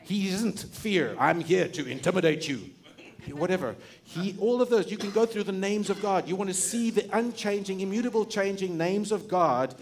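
A middle-aged man preaching a sermon as pastor, animated and conversational, often restarting his sentences and laughing. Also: sits high, moderate pace, few pauses.

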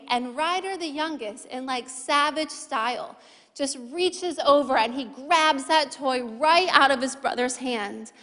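A woman's voice: extremely high pitch, bright, forceful tone. A woman in her thirties preaching a sermon to a congregation, emphatic, repeating key phrases and adding playful asides to the crowd. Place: large church hall. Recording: long reverb of a large hall.

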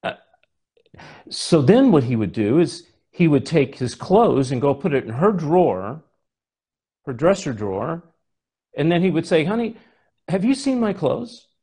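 A man's voice: on the high side, very animated, unhurried, pauses often, mellow, breathy edge. A male preacher giving a sermon, telling a story with animation and asking the congregation rhetorical questions.

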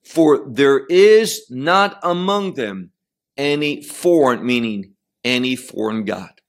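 A man's voice: mid-range voice, expressive. A man teaching verse by verse through scripture, stressing key words and putting questions to his listeners. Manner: slow, emphatic, questions to listeners. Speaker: Bible teacher.

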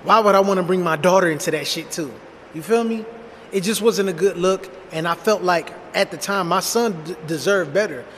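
A high-voiced man in his thirties tells a personal story bluntly and casually. He talks straight to his viewers with lots of slang. His voice carries a long reverb, with a faint hum underneath. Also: moderate pace, a bit bright. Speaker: storytime vlogger.

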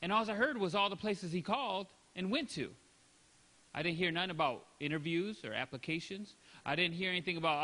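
High bright-voiced male preacher in a hall. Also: expressive, fairly quick. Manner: acts out short voiced exchanges, rising and dropping in volume. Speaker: pastor. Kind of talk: sermon.

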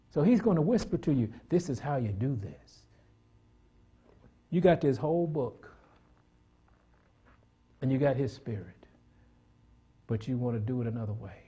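A man preaching a sermon, swinging from loud emphatic bursts to low hushed asides and firing rhetorical questions at the congregation. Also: husky.

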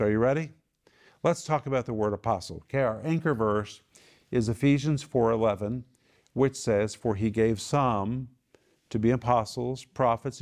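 Teaching the Bible to a handful of people at home, this TV ministry host is emphatic, fond of repeating key phrases and quick to quiz his listeners. He has a mid-range voice with a darkish tone.

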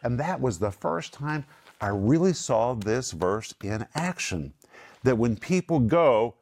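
A middle-aged man gives Bible teaching in an emphatic, preacherly way. His pitch sits in a typical male middle range, and he drags out certain words for weight. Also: animated, a little mellow. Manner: emphatic, slows down to stress key words. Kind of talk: Bible teaching with scripture quotes.

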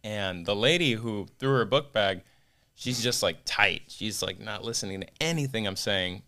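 A man with a low, bright and crisp voice tells his stories as a podcast guest. He talks casually and animatedly, slipping into the voices of the people in his stories. He swears freely as he goes. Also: normal speed. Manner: animated, acts out quoted voices. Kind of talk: casual storytelling.

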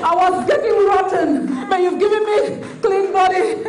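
A woman's voice: very high voice, fairly even intonation, measured pace, a little mellow, roomy sound, some chatter behind. A woman playing a grateful healed leper man. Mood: overjoyed thanks. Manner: fervent, repeating thanks.

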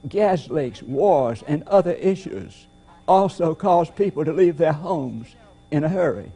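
A man preaching a sermon, deliberate and emphatic, repeating key phrases. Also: a little high, expressive, dark tone, breathy edge. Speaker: pastor.

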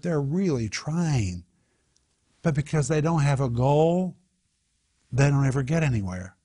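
A man's voice: fairly high pitch, a little mellow. Emphatic man teaching a Bible study. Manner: emphatic, repeats key phrases.

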